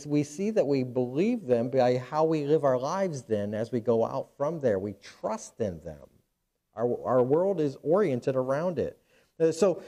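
A pastor preaches with an earnest, unhurried delivery, often restarting a phrase and adding fillers as he works through the passage. His voice is a man's, mid-pitched, with a warm and mellow timbre. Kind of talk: sermon.

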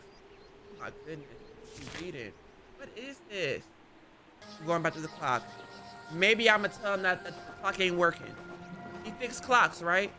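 A woman playing a game on video, reacting in a casual, slangy way with loud exclamations. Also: fairly low pitch. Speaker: gaming YouTuber. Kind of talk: let's play commentary.

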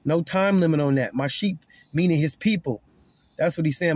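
A man's voice: fairly high pitch, normal speed, a little mellow. A man who calls himself a prophet, preaching straight to the camera in an emphatic way, restarting and repeating his words for emphasis. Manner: repeats key lines for emphasis. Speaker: self-described prophet.

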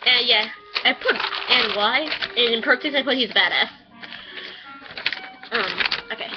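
Chatty woman rambling on at home, kinda high voice, muffled lo-fi sound. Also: a little slow, over loud music. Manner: chatty, rambling, swears in outbursts. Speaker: anime reviewer. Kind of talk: casual rambling review. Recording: dull lo-fi home recording.

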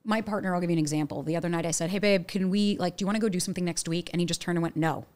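A young woman coaching listeners on dating and talking at a quick clip. Her voice sits a little low. She tells animated stories and acts out quotes as she goes. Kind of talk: casual podcast conversation.

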